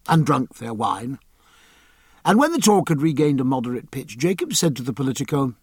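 Male narrator, husky voice, slightly high, dry close-mic sound. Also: very animated, no room sound. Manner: measured, storytelling. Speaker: audiobook narrator. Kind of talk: scripted narration.

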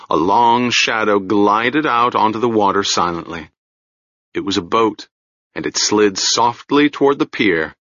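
A man narrating a fantasy novel in a measured, deliberate way. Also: fairly low pitch, sharp tone, dry recording, highs cut off. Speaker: audiobook narrator.

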